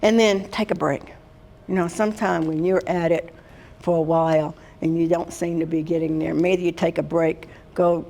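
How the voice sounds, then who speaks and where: An older woman from Washington, D.C. gives a workshop on handling conflict at work, talking to the room in a folksy, no-nonsense way. Her voice sits a little low and has a gravelly edge. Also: mellow. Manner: folksy, direct, addresses the room as "guys". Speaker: HR consultant and speaker. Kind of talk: workshop talk.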